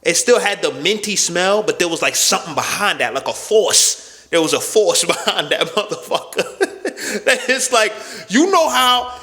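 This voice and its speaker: A man telling a profane, animated story in a casual storytime monologue, punctuating it with "right?" and "boom.". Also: a little slow. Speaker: storyteller vlogger. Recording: echoey room with long reverb.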